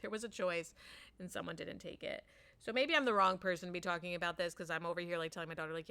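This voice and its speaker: A woman's voice: on the low side, steady tone, fast talker, bright, forceful tone, smooth. A woman telling a parenting story in a casual monologue, with lots of "like" fillers, acting out what people said. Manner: chatty, acts out quotes, many "like" fillers.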